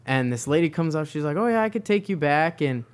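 A man's voice: fairly high pitch, expressive, a little fast. A young man co-hosting a podcast, telling a story animatedly in casual chat, acting out quotes and swearing casually. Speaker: podcast co-host.

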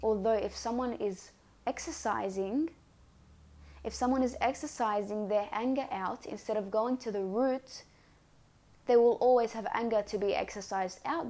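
A woman's voice: fairly high pitch, a little slow, dark tone. A woman hosting a podcast, giving an earnest self-help talk with repeated coaching phrases. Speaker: podcast host. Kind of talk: reflective self-help monologue.

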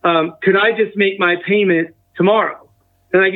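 A man's voice: high-pitched, normal speed. A man in his forties telling a personal story as a guest, acting out the other people's lines as he goes. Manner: acts out quoted dialogue with a lively shift in tone. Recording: tinny phone-like remote line.

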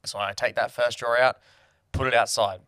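A young Australian man chats casually as a podcast co-host, his voice sitting in a middle pitch. He tells stories animatedly, bursting into acted-out yells. The sound is dry and close. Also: fairly quick, no room sound. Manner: animated storytelling, acts out his own shouts. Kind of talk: casual chat.

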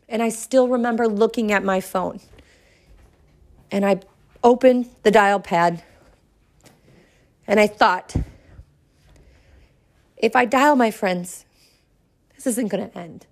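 A woman in her thirties, a podcast host, telling a personal story in an earnest, reflective way with dramatic pauses. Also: fairly high pitch.

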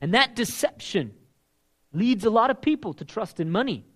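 A young man preaching a casual, conversational sermon, emphatic and swinging between loud and hushed delivery. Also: sits high, big pitch swings, moderate pace.

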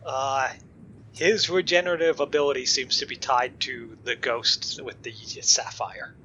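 A man narrating as game master of a tabletop game, giving calm, matter-of-fact rulings. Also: mid-range voice, unhurried, muffled recording, slight background noise.

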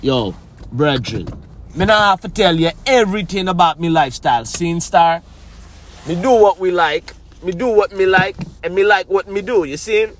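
A man's voice: sits high, animated. A man doing a laid-back Jamaican buddy. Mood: dismissive. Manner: slow patois drawl. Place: inside a car.

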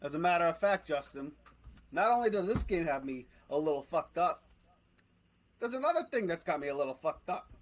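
A man's voice: a little high, sing-song, brisk, slight background noise, low-quality recording. A man co-hosting a sports podcast, ranting in a fired-up way and swearing freely. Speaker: podcast co-host. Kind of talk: casual sports podcast chat.

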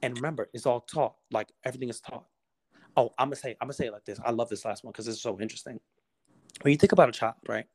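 A man's voice: medium pitch, fast talker, a little mellow, husky. A man talking as a podcast guest, passionate and preacher-like, acting out the voices he quotes. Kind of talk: casual motivational conversation.

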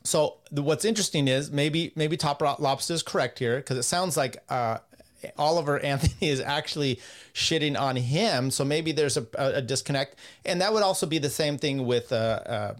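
A man hosting a casual podcast chat, halting and full of filler sounds as he talks. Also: fairly high pitch. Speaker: podcast host.

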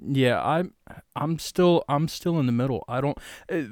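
A man co-hosting a casual podcast, profane, teasing and bossy as he ribs his friend. His pitch swings widely, and the desk mic sounds close and dry. He talks in loose, unscripted banter. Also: lively intonation, unhurried, darkish tone, no room sound. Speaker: podcast co-host. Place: podcast recording setup.

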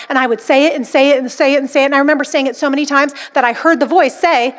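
High-voiced woman preaching with emphasis. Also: fairly even intonation, racing, hardly any pauses. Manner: emphatic, dramatic quoting of inner voices. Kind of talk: sermon.

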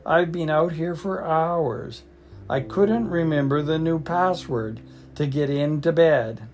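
A nervous, clumsy schoolboy begs not to be left alone, as a man reads him aloud. The reading is slow, with faint music underneath. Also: on the high side, darkish tone, voice pushed up. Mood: pleading. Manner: pleading, nervous.

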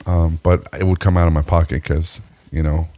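Low-voiced guy telling a wild story, bro talk, dry close sound. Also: moderate pace, no echo. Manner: animated storyteller, jumps high when acting out quotes, laughs often; swears freely, says "bro" and "dude". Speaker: podcast co-host telling a story. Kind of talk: casual storytelling chat.

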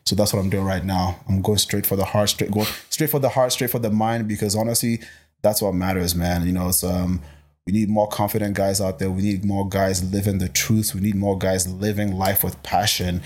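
A fairly low-voiced man who grew up in Botswana speaks in a casual interview, with fire and energy. He restarts sentences often and jumps in pitch when he gets excited. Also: normal speed, husky. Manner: energetic, passionate, many restarts. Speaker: interview guest, life coach.

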